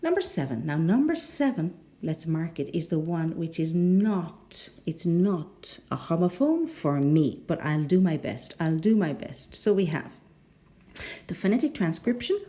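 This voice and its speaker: A woman's voice: sits low, very animated, measured pace, dark tone. A woman with a rhotic English accent teaching a pronunciation lesson, patient and often checking in with the learners.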